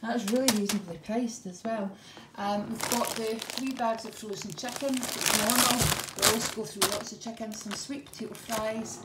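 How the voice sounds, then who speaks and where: A woman's voice: a little high, steady tone, moderate pace, hardly any pauses. A middle-aged woman, chatting through her grocery haul in a homely way, full of ums and a little out of breath. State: a bit out of breath. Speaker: vlogger. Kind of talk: casual grocery haul chat. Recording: echoey room, faint noise.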